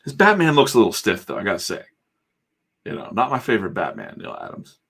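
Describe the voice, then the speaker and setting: Gravelly low-voiced man chatting casually. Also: wildly swooping pitch, fast, fairly bright tone. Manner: rambling, irreverent, swears freely. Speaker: comic artist streaming while inking. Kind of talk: casual livestream chat.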